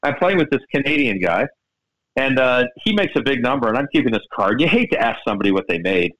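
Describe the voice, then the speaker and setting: A man's voice: fast talker, poor audio. Guy hosting golf radio, chatty storyteller, voice jumping up and down a lot. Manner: animated storyteller, lively swings in pitch. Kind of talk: casual sports radio chat.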